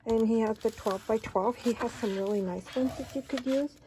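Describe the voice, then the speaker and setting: A woman's voice: on the high side, a little fast, warm tone. A woman hosting a casual paper-craft tutorial, chatting and counting aloud as she folds and cuts, recorded with noise and handling clicks. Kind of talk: casual hands-on craft demonstration.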